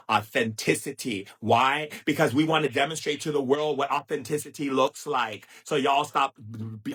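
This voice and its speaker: This live-stream host, a middle-aged spiritual teacher, speaks in a mid-range, slightly bright, husky voice. His casual monologue is sassy and playful as he teases viewers with endearments and mocks stiff, droning speakers.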